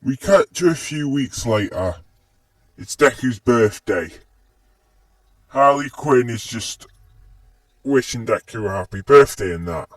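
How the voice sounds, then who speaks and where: A man reading a fan story aloud in a plain, unhurried way. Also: mid-range voice, animated, no echo, recorded from a distance, rough recording. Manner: plain, unhurried, repeated "just says". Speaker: narrator.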